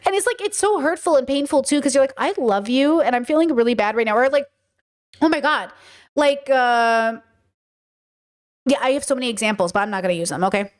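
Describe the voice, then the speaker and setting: Animated woman host, high voice. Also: brisk. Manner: animated, acts out quoted exchanges. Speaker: podcast host reacting to a video. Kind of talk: casual chat.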